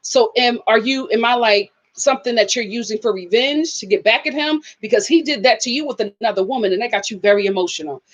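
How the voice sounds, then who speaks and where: A woman voicing a calm young man who questions his girlfriend in a level tone. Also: on the high side, fast, few pauses, natural voice. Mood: probing.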